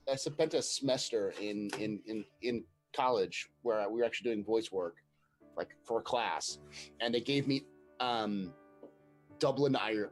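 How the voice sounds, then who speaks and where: A man's voice: fairly low pitch, poor audio. A man chatting casually as a co-host of a tabletop game show, often restarting his sentences. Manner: stammering restarts, laughing easily. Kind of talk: casual chat.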